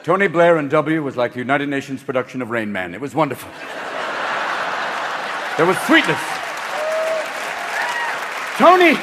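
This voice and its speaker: A male stand-up comedian performing a manic, rapid-fire, profane set that keeps jumping into voices, on stage in a large theater. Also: mid-range voice, animated, over a noisy crowd, heavy background noise. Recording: echoey hall with loud audience.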